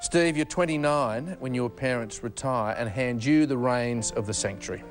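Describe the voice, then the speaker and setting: A man's voice: mid-range voice, normal speed. A man hosting a TV tribute show, reading formal narration and interviewing guests. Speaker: TV host. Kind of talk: scripted tribute presenting and interviewing. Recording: TV studio with live audience and music.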